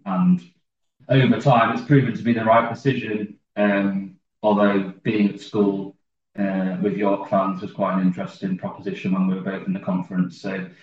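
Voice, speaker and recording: A man, a football fan guest, talking hesitantly with many ums. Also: on the low side. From England. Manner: hesitant, lots of ums, self-deprecating. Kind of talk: remote podcast interview. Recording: roomy distant dull call audio.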